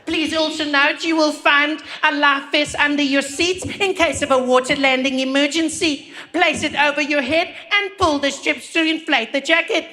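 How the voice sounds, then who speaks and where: A man voicing a prim female flight attendant reading the safety announcement slowly, in an over-enunciated sing-song. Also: very high-pitched, fairly even intonation, sharp tone, pitched above the performer's own voice. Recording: reverberant hall with faint noise.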